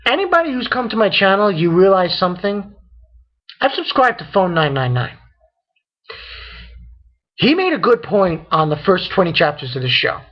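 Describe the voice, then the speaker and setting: A man's voice: high-pitched, lo-fi sound. A man hosting his own channel, rambling through a casual review rant and stringing events together with "and then". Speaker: manga reviewer, channel host.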